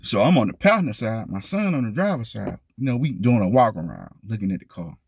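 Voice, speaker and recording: Husky man, lively and emphatic. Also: lowish voice, fast talker, no room sound, clean studio sound. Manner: emphatic, repeats points for stress; talks straight to viewers, asks them questions. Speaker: vlog host. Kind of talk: casual talk to camera.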